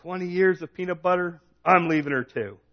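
A man's voice: high-pitched, fairly quick, dull audio. A man voicing a Canadian worker who whines about his lunch in a joke told in a sermon. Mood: whiny. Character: Canadian worker tired of peanut butter, male.

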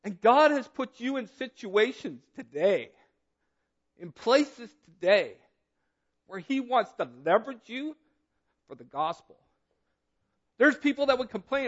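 A man's voice: expressive, a little slow, long pauses. Man preaching a sermon, muffled lo-fi sound. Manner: storytelling, repetitive emphatic phrasing, drops low and quiet for drama. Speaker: pastor.

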